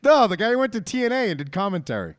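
A man hosts a podcast in loose, casual chat, cursing freely and hyping things up with mock enthusiasm. His voice sits a bit high and swings widely in pitch. The sound is dry and close. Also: very animated, very fast, no echo. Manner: profane, riffing, mock-hyped. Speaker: podcast host.

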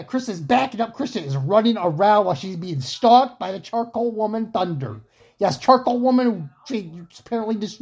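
A woman doing joking amateur play-by-play commentary on a fight, rambling, excitable and whooping. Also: medium pitch, husky. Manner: rambling, excitable, whooping and laughing at her own jokes.

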